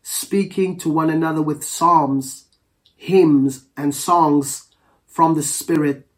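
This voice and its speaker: A preacher with a mid-pitched, darkish voice gives a Pentecostal sermon, reading scripture aloud slowly and deliberately. Their prayer has an earnest, measured cadence, and they call on the congregation to respond.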